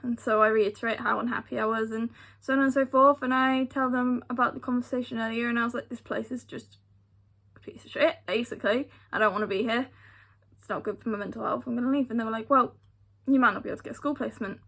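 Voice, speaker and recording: A woman's voice: fairly high pitch, fairly even intonation, quick pace, creaky, a bit bright. A young British woman telling a personal story vlog-style, emphatic and given to repeating phrases for effect. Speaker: vlogger. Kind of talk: storytime retelling.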